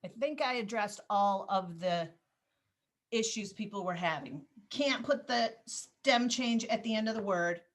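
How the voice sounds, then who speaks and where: A woman teaching a Spanish class over a video call, patient and encouraging, drilling words slowly. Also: medium pitch.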